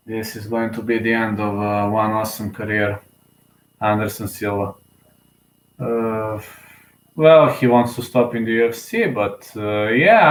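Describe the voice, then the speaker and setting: A man's voice: medium pitch, echoey room, low-quality recording. A young man, giving casual solo live commentary on a fight, emotional and rambling, full of fillers and restarts, sleepy.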